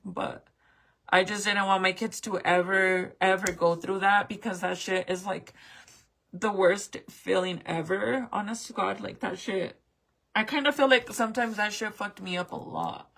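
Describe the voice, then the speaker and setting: Gravelly-voiced woman, tearful and confessional. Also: mid-range voice, unhurried, a bit bright. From New Mexico. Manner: emotional, swears often, laughs when close to tears. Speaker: vlogger. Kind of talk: casual confessional talk to camera.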